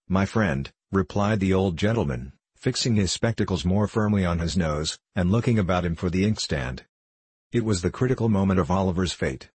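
A man narrating a classic novel as an audiobook, in a measured, even reading. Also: low voice, breathy edge, no echo.

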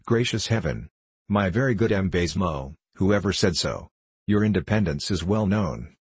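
Man reading a smooth, scheming audiobook bishop, low voice, dry booth sound. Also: animated, normal speed, dry recording. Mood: coaxing. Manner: polite, coaxing. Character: smooth, courteous male bishop, quietly scheming.

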